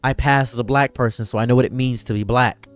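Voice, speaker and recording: A man delivering an impassioned commentary monologue, emphatic and swinging from raised outbursts to quiet, low lines. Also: steady tone, quick pace, faint music behind. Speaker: online commentator and streamer.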